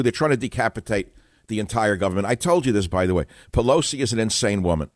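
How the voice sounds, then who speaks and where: A man's voice: lowish voice, animated, fast talker, no room sound. A man hosting political talk radio, delivering an indignant, dramatic monologue. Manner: indignant, dramatic, name-calling. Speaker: radio talk show host.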